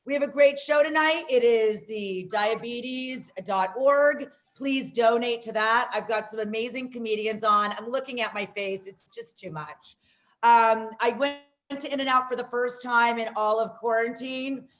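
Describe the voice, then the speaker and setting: Loud self-mocking woman comic. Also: on the high side, a little slow, few pauses. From Las Vegas. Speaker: comedy show host. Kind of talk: stand-up comedy.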